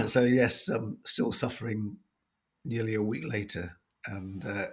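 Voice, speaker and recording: A man in his fifties co-hosting a sports podcast, his voice croaky from a cold, talking in a hesitant, casual way with many ums. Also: fairly low pitch, fairly even intonation, unhurried. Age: 50s. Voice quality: husky. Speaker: podcast co-host.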